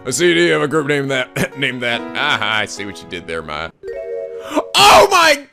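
A man doing loud, excitable gaming commentary, screaming, swearing and laughing at the game. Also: mid-range voice, fairly quick, creaky. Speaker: let's play commentator. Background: game music.

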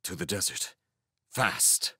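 A man voicing an urgent, commanding young male merchant in chains, in a storybook reading, speaking in brisk instructions. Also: medium pitch, sing-song, no room sound, studio quality, close to an everyday voice. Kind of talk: storybook character voice.

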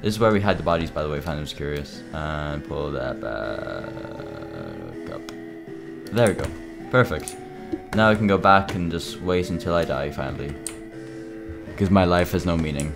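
A young man casually commenting while playing a game, mumbling and halting, with many fillers. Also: extremely low pitch, lively intonation, creaky. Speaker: gaming video creator. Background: game music.

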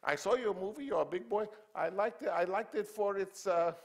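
An older man doing an impression of a fussy little old male studio boss who repeats his words insistently. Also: moderate pace. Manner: high excited squawk, repeats words insistently.

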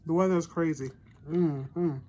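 A woman's voice: sits low, measured pace, dark tone, a little hiss or hum. A middle-aged woman, chatting casually in an eating vlog and savoring her food with hums between bites. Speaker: mukbang vlogger.

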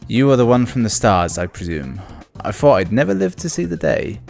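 A man's voice: mid-range voice, big pitch swings, moderate pace, vocal fry, darkish tone, soft background music. A man voicing an old male kung fu master in a video game, reading the lines plainly with no accent. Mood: solemn.

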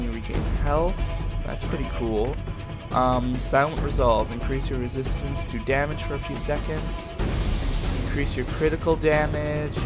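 Excitable man trash-talking while gaming. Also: mid-range voice. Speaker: gaming video host. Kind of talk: let's play commentary. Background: game music and gunfire.

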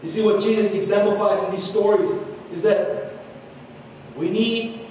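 A pastor delivers an earnest sermon, his voice sitting high for a man. He sounds set back from the microphone in a large, echoing hall. When he quotes scripture, he eases into softer tones. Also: steady tone, normal speed, slight background noise. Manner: earnest preaching, drops to soft tones for quotes. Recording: echoey hall from far off.

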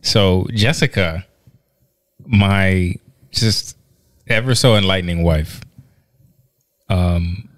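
A man with a fairly low voice co-hosting a podcast, relaxed and chatty. He teases his co-host and goes off into joking asides. The sound is dry and close. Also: slow, pauses often, dry recording. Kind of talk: casual chat.

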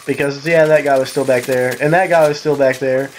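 A man from the Southern US with a Southern accent, giving casual, rambling voice-over commentary on his own gameplay, excitable and jokey with sarcastic asides. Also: medium pitch, a little fast, slight background noise. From Southern United States. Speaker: gaming commentator.

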